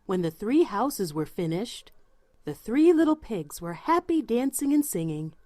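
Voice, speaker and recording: A woman reads a fairy tale aloud in scripted storybook narration. Her delivery is slow and expressive, her voice a little high and full of movement. The recording is dry and close. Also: no echo. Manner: expressive, unhurried read-aloud.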